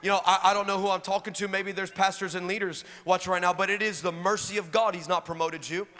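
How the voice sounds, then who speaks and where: A pastor delivering an energetic, humorous sermon that swings into shouting. His voice is high and bright, carried by a long reverb in a large church hall with faint noise behind. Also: quick pace.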